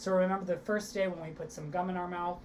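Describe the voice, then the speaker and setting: A young woman teaching an online theatre workshop, leading vocal and body warm-ups with upbeat encouragement. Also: fairly low pitch, fairly even intonation, fast talker, a little hiss or hum. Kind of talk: online acting workshop instruction.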